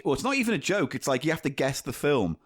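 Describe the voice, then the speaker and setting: A man's voice: on the high side, sing-song, fast, slightly rough. A man, co-hosting a casual podcast chat, reading listener letters aloud with plenty of swearing. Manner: sweary, laughing while reading out jokes. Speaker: podcast co-host.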